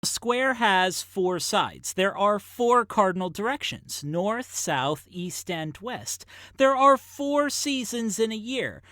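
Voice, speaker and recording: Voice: medium pitch, fairly bright tone, no echo, clean studio sound. A narrator of a children's educational video, reading a scripted lesson in an enthusiastic, encouraging way that speaks straight to young viewers.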